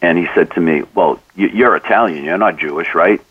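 A man's voice: sits low, a little fast, slightly rough, no echo, distant mic, narrow, tinny audio. A man being interviewed, earnestly telling anecdotes and acting out the conversations in them. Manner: earnest, acts out dialogue in anecdotes. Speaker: author and coach, interview guest.

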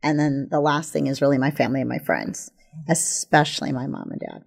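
A woman's voice: rumbling low, brisk, creaky, breathy edge. A woman guest speaking plainly in a casual group conversation.

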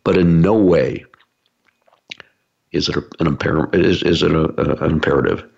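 A man's voice: a bass voice, moderate pace, creaky, darkish tone, husky. A man giving an explanatory talk to a business audience, using everyday analogies with frequent fillers. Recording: dull lo-fi recording.

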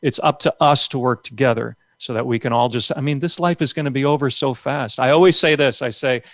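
Rambling, animated comedian, dry close mic. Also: male voice, mid-range voice, fairly quick, no room sound. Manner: rambling, animated, full of restarts. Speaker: comedian and author guest. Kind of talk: casual podcast interview.

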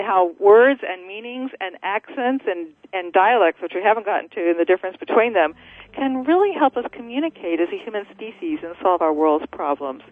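A woman's voice: medium pitch, dry recording. Chatty female radio host over a tinny, dry line. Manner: eager, chatty, quick laughs. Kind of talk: phone-in radio interview.

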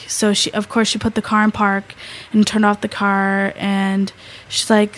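A teenage girl co-hosting a talk show, telling a story in a halting way, with many fillers and restarts. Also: medium pitch, monotone, rough recording. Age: teens. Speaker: co-host. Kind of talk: casual storytelling.

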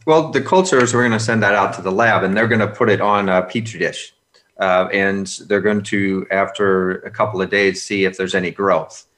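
A man's voice: low-pitched, steady tone, normal speed, a bit bright. A man veterinarian in a casual podcast chat, methodically explaining how ear problems are tested and treated.

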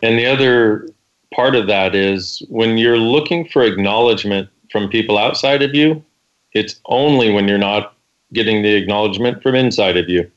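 A man's voice: lowish voice, moderate pace, highs cut off. A man co-hosting a call-in talk show, telling stories and acting out quoted lines. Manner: storytelling, acts out quotes. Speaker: co-host.

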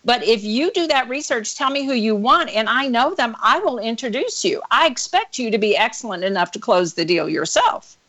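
A woman sales coach with an energetic, animated way of telling stories, speaking as a guest over a call. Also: on the high side, normal speed, few pauses. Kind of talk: storytelling interview answer. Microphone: call recording.

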